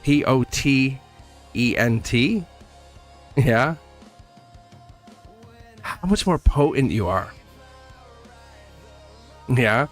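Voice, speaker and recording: A man giving a live tarot reading, animated, laughing often and talking straight to his viewers. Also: mid-range voice, extremely slow, long pauses, soft background music. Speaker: tarot reader.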